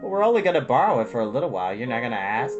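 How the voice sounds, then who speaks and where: A nervous little talking cat who keeps fretting and asking questions, as a woman reader puts him on. His storybook voice stays low and uneasy, then rises with worry. Guitar music plays clearly behind. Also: big pitch swings, racing, muffled recording. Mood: worried. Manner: worried, questioning. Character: anxious talking black cat companion.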